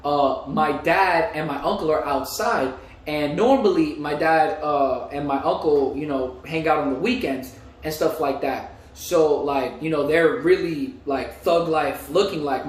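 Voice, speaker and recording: A young man telling a casual story, animated and full of slang, repeating himself as he goes. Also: on the high side. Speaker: vlogger. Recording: echoey room, voice a bit far from mic.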